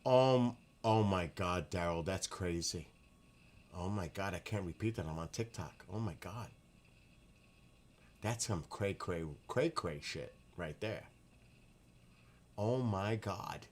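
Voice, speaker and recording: This livestream host speaks low and slowly, leaving long pauses. Still, he's excitable as he chats and responds to viewer comments, breaking into frequent exclamations and laughs.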